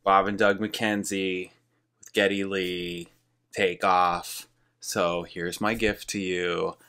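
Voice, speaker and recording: Bright-voiced rambling YouTube host. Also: male voice, low voice, takes it slowly, clean tone. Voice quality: rambling, excitable, repeats himself. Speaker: reaction video host. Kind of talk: casual chat to camera.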